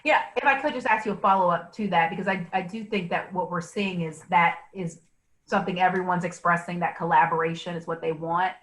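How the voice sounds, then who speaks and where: Encouraging woman moderator, low-pitched. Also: fairly even intonation, brisk, a bit bright, low-quality recording. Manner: encouraging, poses questions carefully. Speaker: forum moderator. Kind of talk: moderating a candidate forum.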